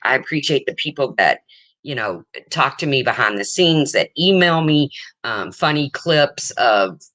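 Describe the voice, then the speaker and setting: An older woman chatting on her livestream in a blunt, rambling, defensive way. Her low voice gets her mistaken for a man, yet it sounds bright and edgy, and her pitch jumps around a lot as she talks. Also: animated, unhurried, dry recording. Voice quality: low, husky-sounding voice, often mistaken for a man's. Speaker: livestream host. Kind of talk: casual livestream chat.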